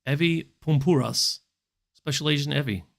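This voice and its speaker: A man's voice: fairly high pitch, moderate pace, creaky. Man musing as he reacts to clips. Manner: relaxed, musing, wordy with fillers. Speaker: vlogger. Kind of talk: casual commentary reacting to clips. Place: home.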